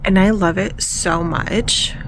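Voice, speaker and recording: A woman chats to her camera at home in an unhurried, chatty diary vlog, excitable and easily sidetracked. She trails off mid-sentence, restarts and slips into soft whispered asides. A faint hum of room noise sits behind her voice. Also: mid-range voice. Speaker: teacher and vlog host.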